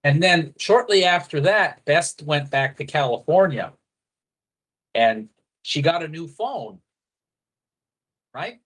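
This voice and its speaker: A man telling a story in casual chat, animated and profane, slipping into quoted voices. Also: a little high, slow, pauses often. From a foreigner living in Thailand.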